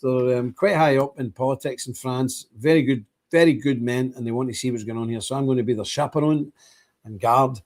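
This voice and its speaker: A man's voice: mid-range voice, brisk, a little mellow. A man hosting a livestream in a casual, rambling monologue, greeting and answering viewers by name. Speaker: livestream host.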